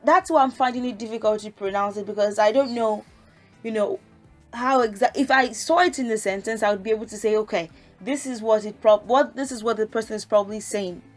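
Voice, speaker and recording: A woman teaching a language lesson in a casual way, reciting letters one at a time and explaining with relaxed fillers. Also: fairly high pitch, fairly quick, soft background music.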